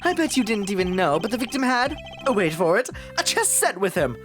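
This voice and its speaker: A smug, condescending young man, as a woman reads him out with a sneering, lively lilt. He sounds pleased with himself in every line of this game dialogue. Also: medium pitch, brisk, music in the background, close to an everyday voice. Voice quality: smug, mocking delivery. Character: arrogant young man, condescending know-it-all.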